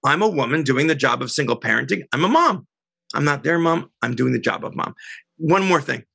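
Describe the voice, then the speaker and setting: A middle-aged woman as an interview guest, telling a heated story in an animated, indignant way. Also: low-pitched, creaky, slightly rough, dry recording. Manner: animated, indignant, quotes others.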